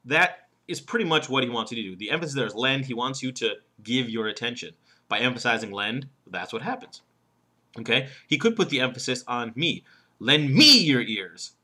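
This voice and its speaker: A man's voice: mid-range voice, expressive, brisk, bright, forceful tone. A man, a professional speaker and humorist, giving an instructional talk on delivery, leaning hard on key words and checking in with the listener. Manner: emphatic, stresses single words to demonstrate; conversational, checks in with "okay?".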